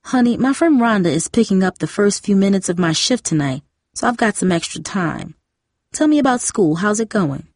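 A woman voicing a weary middle-aged mother who speaks softly and apologetically. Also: mid-range voice, lively intonation, moderate pace, no echo, clean studio sound. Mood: warm. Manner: soft, apologetic. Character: tired middle-aged mother, soft and rueful.

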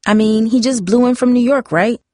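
A woman's voice: fairly high pitch, brisk, mellow, no echo, studio quality, voice pushed up, close to an everyday voice. A woman voicing a defiant, pushy teenage girl in a storybook reading. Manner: pouty, confrontational teen voice.

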